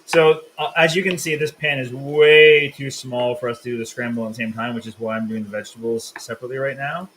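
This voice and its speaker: A man's voice: medium pitch, steady tone, fast, few pauses, fairly bright tone, slight background noise, rough recording. A man hosting a live cooking stream, explaining steps and teasing his co-host in a casual, joking way. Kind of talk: casual live cook-along chat.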